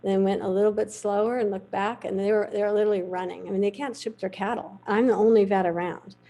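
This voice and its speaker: A middle-aged woman recounts an old career story with lively, animated storytelling, acting out the people she quotes. Her voice has a gravelly fry and a dark, mellow tone. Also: mid-range voice, fast, rough recording. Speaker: veterinarian guest. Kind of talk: storytelling in a podcast interview.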